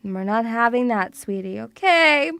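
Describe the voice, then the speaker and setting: A woman's voice: on the high side, expressive, a little slow, a bit bright, smooth, no room sound. A woman streaming casually, bubbly and teasing, calling her viewers pet names. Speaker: VTuber streamer.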